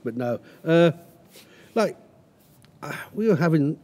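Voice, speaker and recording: A man's voice: on the high side, animated, slow pace, mellow. A middle-aged man, a racehorse trainer, telling rambling anecdotes in a casual interview. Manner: rambling anecdotes with restarts and acted quotes.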